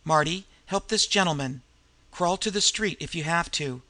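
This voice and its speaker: A man reading as a brisk, resolute young woman. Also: a little high, sharp tone. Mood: urgent. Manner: breathless, hurried commands. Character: resolute young woman, tense and quick-thinking.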